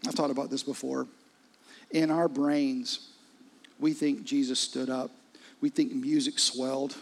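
A man preaching a sermon in a conversational, intimate way, often dropping into hushed asides. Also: mid-range voice, little pitch movement, unhurried. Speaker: pastor.

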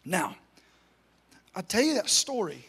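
A man's voice: high voice, slow, vocal fry, breathy edge. A man preaching a sermon, telling a story with energy, humor and repeated emphasis. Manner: energetic, joking, repetitive emphasis.

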